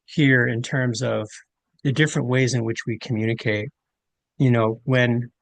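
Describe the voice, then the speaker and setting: A man's voice: medium pitch, fairly even intonation, unhurried, gravelly, no room sound. Male host, teacherly and explanatory; dry, close recording. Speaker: podcast host. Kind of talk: casual conversation.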